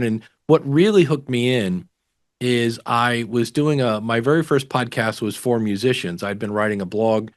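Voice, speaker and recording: Middle-aged male guest: animated storyteller, dry close sound, middling pitch. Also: no room sound. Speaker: podcast guest, podcasting teacher. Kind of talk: casual interview chat.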